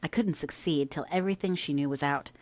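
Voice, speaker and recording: A woman narrating a classic novel as an audiobook reader, in measured storytelling. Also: low-pitched.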